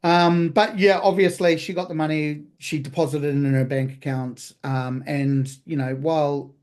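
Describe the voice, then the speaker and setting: A man from New Zealand with a fairly high voice and his home accent swings freely up and down in pitch as he tells his story. He sounds candid and casual, swearing easily while he recounts his past on a podcast. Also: level tone, normal speed, a little mellow. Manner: candid, profane, vivid anecdotal storytelling. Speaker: podcast guest, chef.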